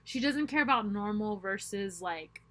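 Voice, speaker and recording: A young woman co-hosting a book podcast, joking around and cutting in with quick remarks. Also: mid-range voice, lively intonation, a crowd in the background, poor audio. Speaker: podcast co-host. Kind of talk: casual chat.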